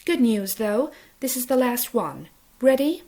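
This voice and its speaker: A giddy, high-pitched beautician woman, as a female reader puts her on in a storybook reading. Her talk has an affected, sing-song lilt with rising endings. The voice sits well above the reader's own and has a thin, pinched edge. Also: animated, a little slow, dark tone. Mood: coaxing.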